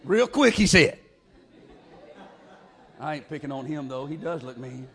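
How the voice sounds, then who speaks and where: A man's voice: on the high side, lively intonation, measured pace, a bit bright. A man preaching a revival sermon, repeating his phrases over and over and calling out to the congregation. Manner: repetitive, call-and-response preaching.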